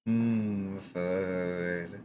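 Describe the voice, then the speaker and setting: A streamer chatting casually with their chat while drawing, teasing viewers and breaking into sudden high squeaks. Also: steady tone, drawn-out words, warm tone, slight background noise.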